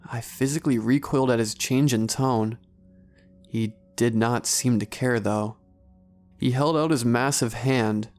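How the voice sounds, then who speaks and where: Guy reading a horror story, gravelly voice, measured, soft music behind. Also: mid-range voice. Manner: measured, first-person storytelling. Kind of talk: scripted horror narration.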